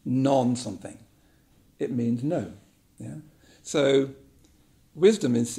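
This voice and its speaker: Guy rambling thoughtfully in a talk, lots of ums, bit gravelly. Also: mid-range voice, slow, warm tone. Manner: musing, repeats words, many ums. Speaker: speaker giving a talk. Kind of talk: reflective spoken talk.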